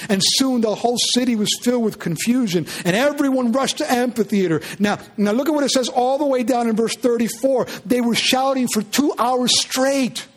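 A pastor preaching a sermon, animated and firing rhetorical questions at his congregation. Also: extremely high pitch, a little fast, hardly any pauses.

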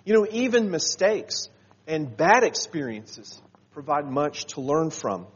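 A man preaching a sermon to his congregation, earnest and halting, with many fillers and restarts. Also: a little high, very animated, slightly rough, highs cut off.

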